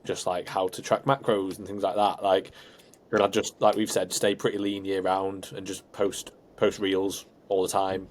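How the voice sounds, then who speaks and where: A man's voice: deep voice, flat delivery, moderate pace, a little hiss or hum. A young man, co-hosting a podcast, laid-back and rambling with lots of fillers. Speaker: podcast co-host. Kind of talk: casual chat.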